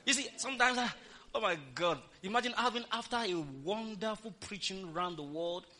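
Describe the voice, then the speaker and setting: Speaking fairly quickly at a medium pitch, a woman pastor preaches emphatically, aiming rhetorical questions at her congregation and breaking out in loud exclamations.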